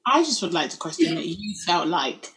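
A woman's voice: lowish voice, very animated, moderate pace, fairly bright tone. A young woman co-hosting a casual chat podcast, teasing and questioning the others in a dry way. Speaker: podcast co-host.

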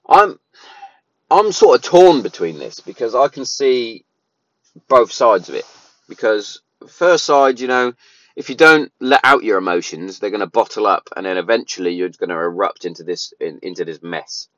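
Dad, 30s, lower voice, casual rambling monologue with lots of fillers; muffled, dead-dry recording. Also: male voice, expressive, a little slow, long pauses, fairly bright tone, no room sound. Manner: rambling, many restarts and fillers. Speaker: parent sharing opinions.

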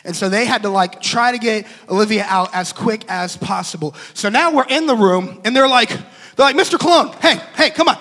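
A man's voice: sits high, normal speed, long reverb tail. A young man preaching a sermon, telling a story with lots of energy, acting out what people said and laughing often. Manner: animated, acts out quotes, laughs often. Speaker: pastor.

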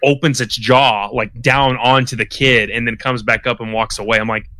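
A man co-hosting a podcast, telling stories in a lively, enthusiastic casual chat. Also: mid-range voice, moderate pace, no room sound. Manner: enthusiastic, animated storyteller. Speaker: podcast co-host.

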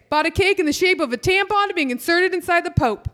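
A woman reading her own raunchy comedy piece aloud on a live theater stage, deadpan, breaking into loud bursts. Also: extremely high pitch, brisk.

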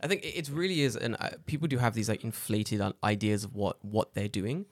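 A man co-hosting a podcast in casual chat, telling stories with lots of swearing and animated rants. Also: on the low side, a little fast, no echo, studio quality. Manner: animated, swearing ranting storyteller. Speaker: podcast co-host.

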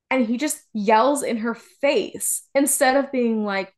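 A woman's voice: fairly high pitch, a little slow, few pauses. A woman co-hosting a TV recap podcast, talking in a heated, emphatic way and swearing casually. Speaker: podcast co-host.

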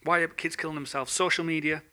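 A podcast host launches into an unscripted, angry rant packed with swearing. His voice is on the high side, bright and forceful, steady in tone and fast.

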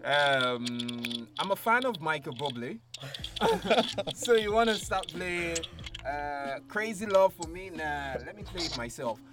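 A man's voice: a little high, expressive, takes it slowly, background noise. A man hosting a casual interview, asking playful, teasing questions. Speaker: host.

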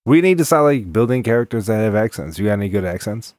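A man's voice: on the low side, sing-song, quick pace, a little mellow, no echo, clean studio sound. A man co-hosting a podcast in casual chat, laid-back and joking, swearing freely. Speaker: podcast co-host.

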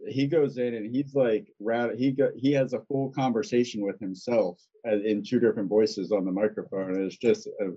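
A man's voice: fairly low pitch, fairly even intonation, moderate pace, few pauses, warm tone, slightly rough, muffled recording. A man hosting a casual chat, talking in a rambling, hesitant way.

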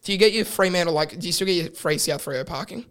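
A man's voice: a little high, fast, a bit bright, clean tone. A young man with an Australian accent hosting a casual sports podcast, telling rambling stories and laughing often. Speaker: podcast host. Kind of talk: casual chat.

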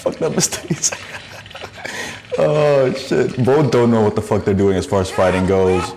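A man's voice: fairly low pitch, animated, a little slow, background noise. A man hosting a podcast, commenting on videos in a profane, rambling way and laughing often. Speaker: podcast host.

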